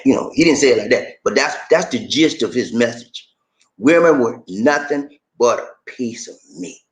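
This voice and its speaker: A man giving a casual vlog monologue as a YouTube creator, animated and preachy, who keeps calling the viewer "man". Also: medium pitch, normal speed.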